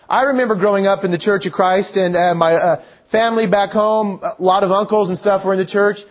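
A man's voice: high-pitched, brisk. A man preaching a sermon in an earnest, conversational way, quoting scripture and telling stories.

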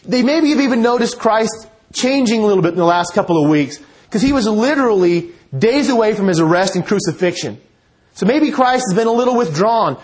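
A man preaching a conversational sermon in a church, reading scripture and quotes with casual asides. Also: sits high. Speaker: pastor.

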